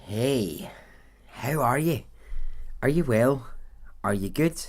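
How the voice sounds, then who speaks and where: Man, podcast storyteller, unhurried delivery, informal and chatty, faint music underneath. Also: medium pitch, lively intonation. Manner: chatty, laughs easily, warmly informal asides. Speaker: podcast host. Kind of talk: casual podcast narration.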